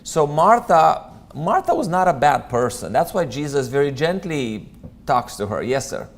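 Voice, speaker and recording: A man's voice: a little high, sing-song, normal speed. A man teaching a Bible class in a church, talking casually with lots of ums and friendly asides. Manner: conversational, many ums, chatty asides. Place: church room.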